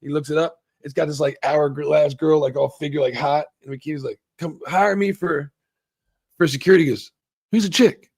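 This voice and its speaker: A man with a somewhat high, gravelly voice rambles through a casual episode review, swearing freely and slipping into bits of the characters' dialogue. The sound is close and dry, with no room around it. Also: steady tone, moderate pace, a little mellow, no room sound. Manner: rambling, swears a lot, acts out quoted lines. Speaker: show reviewer. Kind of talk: casual profane recap and review.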